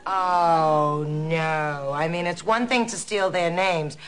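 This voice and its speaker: A woman's voice: low-pitched, slow pace. A woman playing a chatty, conspiratorial woman in a sitcom who hatches a plan to pose as a producer. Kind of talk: sitcom acting. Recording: noisy TV audio.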